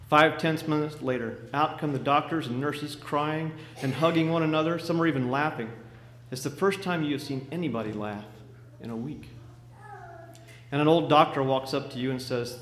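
A man preaching a sermon, telling a vivid story with dramatic swings from loud to hushed. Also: fairly high pitch, moderate pace. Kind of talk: sermon illustration. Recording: echoey hall with faint noise.

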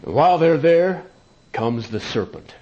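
A man preaching a sermon, emphatic, with loud peaks and quiet asides. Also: fairly high pitch, lively intonation, a little slow, highs cut off.

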